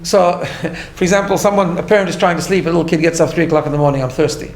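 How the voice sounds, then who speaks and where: A man with a fairly high voice is teaching a class. He talks in an earnest, patient way and keeps checking in with his listeners. The sound carries a noticeable room echo. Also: fast. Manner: earnest, explains step by step, tags lines with "right?". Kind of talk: recorded class lecture.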